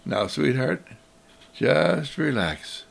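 A man voicing a hushed, gentle mother. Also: mid-range voice, very animated, normal speed, creaky, heavily acted. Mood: soothing. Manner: soft, hushed and coaxing. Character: gentle, patient mother soothing her child.

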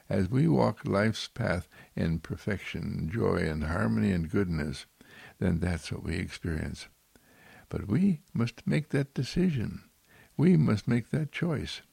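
A man giving a spiritual affirmation talk in slow, repetitive, gentle and fervent phrases. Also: low-pitched, vocal fry, breathy edge, dry recording.

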